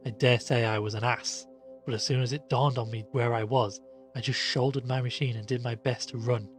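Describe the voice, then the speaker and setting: A man doing a rueful gentleman telling his ordeal. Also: mid-range voice, a little fast, soft background music, lightly acted. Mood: shaken. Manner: rueful, animated storytelling. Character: young gentleman cyclist, shaken and rueful.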